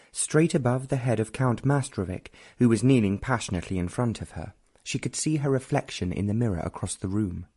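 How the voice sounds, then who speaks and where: A man narrating an audiobook of a romance novel in measured, even storytelling. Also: on the low side, breathy edge.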